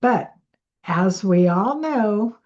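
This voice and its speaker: A woman coach leading a slow guided breathing and affirmation exercise in a soothing way. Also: mid-range voice, animated, darkish tone, dull audio. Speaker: manifestation coach.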